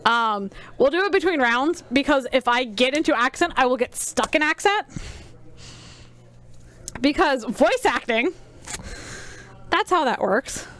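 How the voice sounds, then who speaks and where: A woman's voice: sits high, lively intonation, a little slow, pauses often, a bit bright. A woman commentating casually on a card game stream, chatty and rambling with frequent ums.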